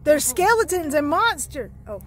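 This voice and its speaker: A woman's voice: high-pitched, sing-song, slow pace. A woman filming her family from inside a car going through a car wash, shrieking and calling out again and again. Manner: shrieks and calls out over and over. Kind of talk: excited family vlog commentary. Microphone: phone camera held by the speaker. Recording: loud car wash machinery noise.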